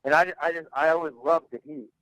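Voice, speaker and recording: A man's voice: a little high, fairly even intonation, fast talker, clean tone, dry recording, lo-fi sound. A man talking bluntly as a podcast guest, rambling and restarting his sentences in casual chat. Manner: blunt, rambling, repeats words when starting.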